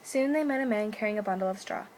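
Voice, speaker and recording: A woman reading a bedtime story aloud at home, at a slow, gentle pace. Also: medium pitch, slight background noise.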